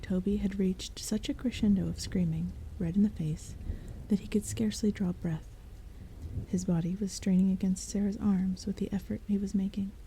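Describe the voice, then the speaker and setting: A woman reads a bedtime story in a soft, breathy half-whisper. Her tone is very dark and mellow at a middle pitch. Faint rain and thunder sit quietly behind her voice. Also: steady tone, moderate pace, a little hiss or hum, low-quality recording. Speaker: audiobook reader. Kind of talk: soft-spoken ASMR bedtime reading.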